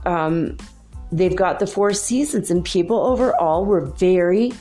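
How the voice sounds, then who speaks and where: A woman's voice: on the low side, a little slow, dark tone, soft background music. A woman from Minnesota hosting a casual spiritual monologue, rambling and chatty with frequent laughs. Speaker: spiritual channel host.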